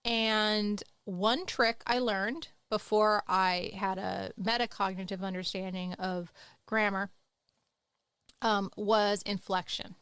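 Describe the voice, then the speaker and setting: A woman chats on a writing podcast, jumping between lively explanation and playful teasing as she would with her students. Her voice is mid-pitched and sits close to the mic in a dry, unreverberant recording. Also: slow pace, clear, resonant tone, dry recording. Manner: animated, playful teacherly asides. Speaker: podcast co-host. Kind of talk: casual podcast chat.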